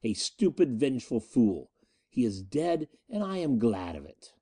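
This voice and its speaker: Man doing a ruthless space-pirate leader, cold, measured, dark mellow tone. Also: medium pitch, big pitch swings, breathy edge, exaggerated voice. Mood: cold, menacing. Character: cunning ruthless male space-pirate leader, calm and menacing.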